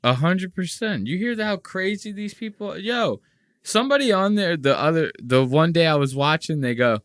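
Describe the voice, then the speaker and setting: A man's voice: on the high side, lively intonation, normal speed, fairly bright tone, dry recording, clean studio sound. Profane, joking podcast host man. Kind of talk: casual podcast banter.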